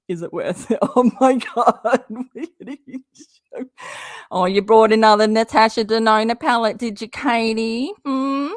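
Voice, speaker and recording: A woman's voice: on the high side, creaky, fairly bright tone, no room sound, studio quality. A woman hosting a live stream of drama commentary. She talks bluntly and heatedly, swears freely, and reads viewer comments from the chat.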